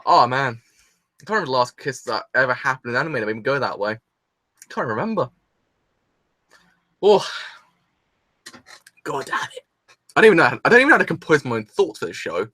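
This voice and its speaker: Gushing young man, lively and bright. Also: mid-range voice, brisk, long pauses, no room sound. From England. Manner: breathless, gushing, exclamatory with rambling restarts. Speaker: anime reaction host. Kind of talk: excited solo reaction video.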